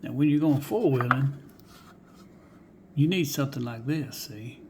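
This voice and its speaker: The man's voice is mid-range and dark, with a measured pace and slight background noise. Showing his die-cast car finds in a laid-back vlog, he muses in a folksy manner and often drops into a whisper.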